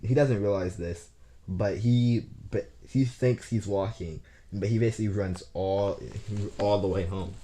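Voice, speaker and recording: A man's voice: lowish voice, steady tone, unhurried, dark tone. A man rambling through an unscripted fan story, stammering, restarting and cursing casually.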